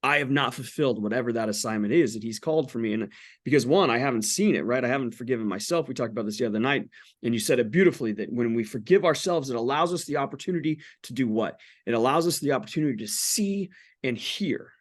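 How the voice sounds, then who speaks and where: A man's voice: mid-range voice, animated, quick pace. A man in his forties, a podcast guest, talking candidly about faith in an earnest, blunt way with casual swearing. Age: 40s.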